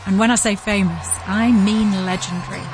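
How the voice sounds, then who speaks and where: A woman narrates a scripted audio documentary with vivid, measured storytelling. Her pitch is mid-range, with soft music beneath her. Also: fairly even intonation. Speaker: podcast narrator.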